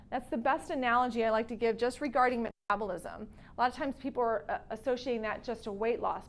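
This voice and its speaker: Texan woman, clinic doctor, higher voice, chatty storyteller who acts out quotes, casual talk to patients. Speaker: chiropractor and wellness doctor.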